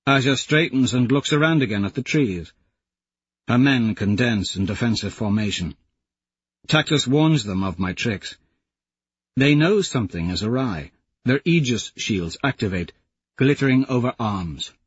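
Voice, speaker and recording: Slow, husky male audiobook narrator. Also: mid-range voice, no echo, lo-fi sound. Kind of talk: first-person audiobook narration.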